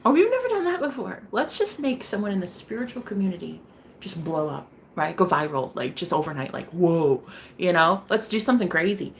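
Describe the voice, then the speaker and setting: A woman doing a gushing, slangy voice for excited female office workers she imagines choosing a winner. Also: lowish voice, brisk, slight background noise. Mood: giddy.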